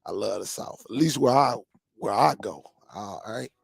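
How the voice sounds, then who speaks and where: Husky and lowish with some vocal fry, this man's voice moves at a moderate pace, with no room sound. He's a live stream host in his forties, chatting casually, storytelling, and saying "man" a lot.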